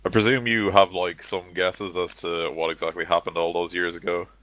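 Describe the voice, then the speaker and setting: A man's voice: low voice, flat delivery, normal speed, a bit bright, no room sound. A man voicing a cool, matter-of-fact male information broker who smokes and calls people kid. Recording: dull lo-fi dry recording.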